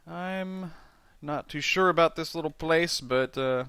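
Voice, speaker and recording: A man's voice: a little high, measured pace, pushed and bright, clear, resonant tone, no echo. A man casually commenting on a computer game while reading its text aloud, joking and sometimes stumbling over words. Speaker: let's play host.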